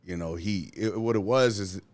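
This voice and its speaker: A man, a union steward guest, telling work stories in a casual, profane and animated way, acting out what people said. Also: fairly low pitch, moderate pace. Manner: profane, animated, acts out quotes. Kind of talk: casual storytelling.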